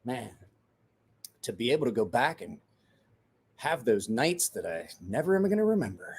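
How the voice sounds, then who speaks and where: A man's voice: mid-range voice, big pitch swings, normal speed, breathy edge. A man in his forties, a podcast host telling a rowdy story in casual chat, swearing, laughing and acting out the voices of the people he quotes.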